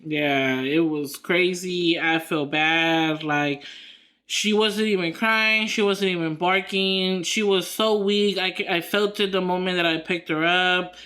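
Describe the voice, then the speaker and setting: A woman's voice: on the low side, steady tone, unhurried, fairly bright tone. A woman co-hosting a podcast in casual chat, rambling through her story with lots of fillers and restarts. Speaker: podcast co-host.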